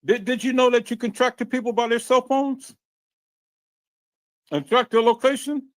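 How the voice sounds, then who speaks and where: A man's voice: very high-pitched, steady tone, moderate pace, no room sound. A man hosting a livestream, talking heatedly with lots of stammered restarts and cursing. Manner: repetitive, stammering restarts, emphatic and profane. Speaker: livestream host.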